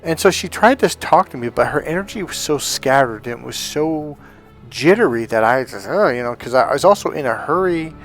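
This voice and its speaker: A middle-aged relationship coach tells a personal story in a casual monologue, his mid-range voice moving briskly over soft background music. He's animated, acts out the voices of the people he quotes, and fills his speech with lots of fillers.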